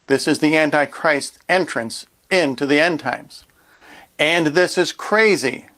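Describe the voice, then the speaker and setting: Deadpan man with a higher voice. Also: a little slow. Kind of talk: mock-serious deadpan explanation.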